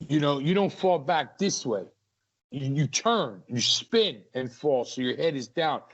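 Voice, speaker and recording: A man, a wrestler, telling stories from the ring as a guest in an energetic, animated way. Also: on the high side, a little slow. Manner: energetic, acts out ring action. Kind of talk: animated storytelling. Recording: lo-fi muffled audio.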